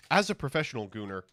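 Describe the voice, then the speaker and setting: A man's voice: a little high, vocal fry, fairly bright tone, dry recording, clean studio sound. A man live-streaming as he opens trading cards, rambling and joking crudely with his chat.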